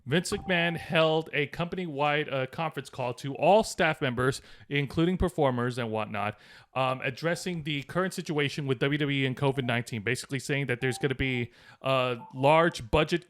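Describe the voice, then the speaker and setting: Slightly high-voiced podcast co-host. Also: male voice, normal speed. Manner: relaxed, reads news notes aloud. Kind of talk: casual chat.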